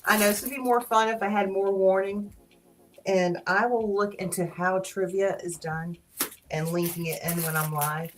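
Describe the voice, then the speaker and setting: A woman with a Southern US accent hosting a casual live stream, playful and teasing, quick to laugh. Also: medium pitch, steady tone, poor audio. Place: small studio.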